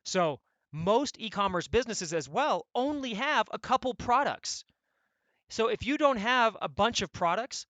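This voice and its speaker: Guy coaching online sellers, high bright voice, blunt and punchy, dry close sound. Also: a little slow, no echo. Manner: energetic, blunt, conversational with frequent "right?". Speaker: e-commerce coach. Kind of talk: coaching session to members.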